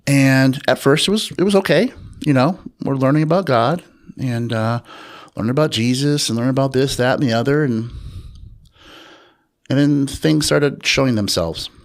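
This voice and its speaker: A man speaking as an interview guest, recounting a personal story. He talks in an unhurried, reflective way, pausing often and filling gaps with small hesitations. His voice sits at an ordinary middle pitch for a man. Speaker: interview guest, author and researcher.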